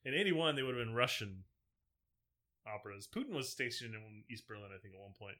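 A man's voice: lowish voice, expressive, brisk, sharp tone. A man co-hosting a podcast in casual chat, laughing often and making dry quips. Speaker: podcast co-host.

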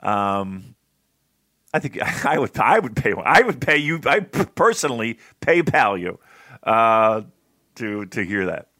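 Lively, just-woken-up North American man. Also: fairly low pitch, measured pace, no room sound, clean studio sound. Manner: animated, rambling, many restarts. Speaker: podcast co-host. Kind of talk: casual chat.

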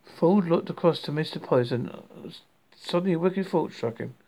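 A man reading a comic novel aloud, his slightly higher-than-average voice carrying a gravelly rasp. He reads haltingly, tripping over words and starting lines again. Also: expressive, warm tone. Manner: halting, with frequent restarts and stumbles on words. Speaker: audiobook reader.

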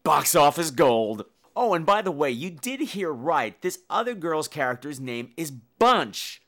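A man hosting a podcast, retelling a horror film in a campy, animated way. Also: a little high, unhurried. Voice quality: campy, animated storytelling with acted-out voices. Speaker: podcast host. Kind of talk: casual film review podcast.

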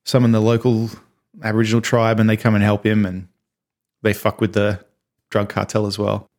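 A man casually chatting on a podcast, retelling movie scenes and acting out the quotes. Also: brisk. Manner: animated storyteller, acts out quotes in high voices. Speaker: podcast co-host. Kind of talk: casual chat.

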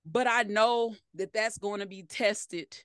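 A middle-aged woman, telling profane, animated stories as a podcast co-host. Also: mid-range voice, slow pace, smooth, dry recording, clean studio sound. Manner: animated, profane storytelling with acted-out quotes. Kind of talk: casual chat.

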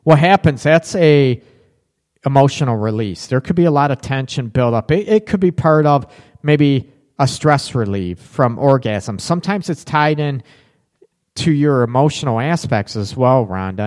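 Male live-stream host, candid and chatty, average pitch, reverberant sound. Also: lively intonation, normal speed, a little mellow. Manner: candid, frank, chatty with frequent restarts. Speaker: relationship talk show host. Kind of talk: live-stream chat reading viewer comments.

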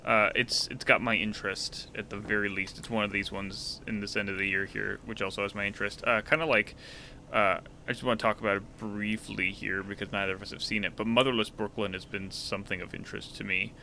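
Podcast co-host, male, bright and forthright, rambling restarts, light noise floor. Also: on the low side, little pitch movement, brisk, vocal fry. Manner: thoughtful, with many restarts and fillers. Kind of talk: casual film discussion.

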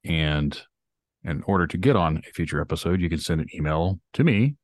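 A deep-voiced man co-hosting a casual podcast, speaking in an earnest, drawling way as he rants. His low voice sounds close and dry, with no room around it. He keeps it loose and conversational. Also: animated, a little fast, dry recording. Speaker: podcast co-host.

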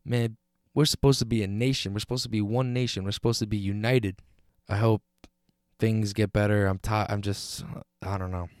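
A man's voice: lowish voice, steady tone, normal speed, clean tone, no echo. Frustrated young man ranting, dry sound. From United States. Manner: frustrated, rambling, swears, many restarts. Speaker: podcast host. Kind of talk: solo rant.

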